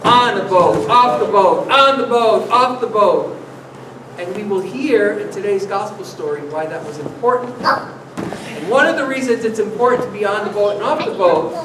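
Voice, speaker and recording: A playful, animated priest leads a children's story and keeps asking the kids questions. He sounds distant in a roomy church with steady background noise. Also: high voice. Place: church sanctuary. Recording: echoey church from far off, noisy.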